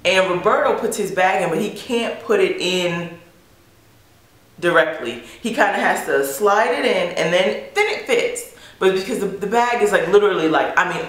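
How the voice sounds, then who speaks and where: A woman vlogger casually telling a story to her camera, chatty and full of "like" fillers. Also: on the low side. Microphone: camera mic. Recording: echoey room.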